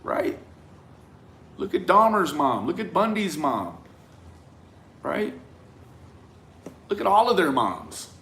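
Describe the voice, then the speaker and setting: A man talking through a case in a reflective, conversational monologue, often tagging his points with a questioning "right?" and trailing off into quiet asides. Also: a little high, sing-song, slow, long pauses. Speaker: commentator on a true-crime case. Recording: roomy echo with faint ambience.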